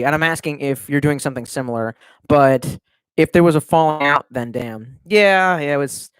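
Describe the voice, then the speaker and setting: A man's voice: fairly high pitch, moderate pace, smooth, dry recording. A man casually chatting on a home livestream, rambling and swearing, with many restarts. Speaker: streamer.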